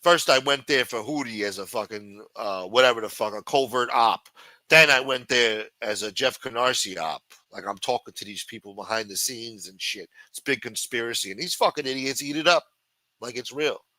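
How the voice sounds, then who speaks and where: A man's voice: medium pitch, moderate pace, pushed and bright, no echo. A man ranting angrily and profanely as a podcast host. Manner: angry, profane, combative. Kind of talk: profane political rant.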